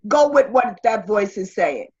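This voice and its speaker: An older woman talking as an interview guest, with a husky, strained voice and a rambling way of talking full of restarts. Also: mid-range voice, sing-song, a little slow, a little mellow, lo-fi sound. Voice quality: husky, strained voice after throat surgery. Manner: rambling, with many restarts and fillers. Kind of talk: conversational interview.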